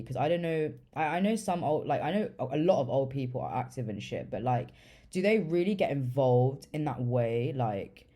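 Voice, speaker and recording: A woman's voice: low voice, dark tone. A young woman telling a story in a loose, casual way, full of swearing and fillers like "like". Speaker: vlogger.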